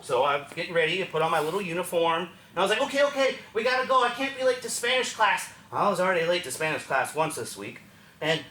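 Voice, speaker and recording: Bright-voiced man telling his story on stage. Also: on the high side. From Texas, USA. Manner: storytelling, wry and confiding, with the audience. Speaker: solo stage performer. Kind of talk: autobiographical one-man show. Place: small theatre stage. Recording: roomy theatre recording from a distance.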